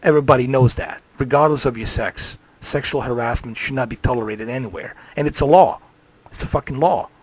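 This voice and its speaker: A man's voice: mid-range voice, a little fast, dry recording. Profane ranting male streamer, dry sound. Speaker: live streamer. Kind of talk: ranting live stream monologue.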